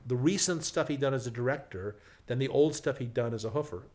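Older man telling animated stories. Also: mid-range voice, fast talker. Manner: animated, repeats words when starting sentences. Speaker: guest storyteller. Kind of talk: casual chat, telling anecdotes.

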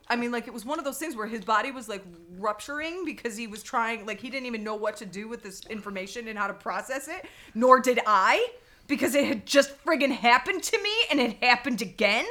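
A woman hosting a podcast, telling funny stories in a lively way and laughing often. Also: on the high side. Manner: animated, laughing storyteller. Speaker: podcast host. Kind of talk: casual storytelling chat.

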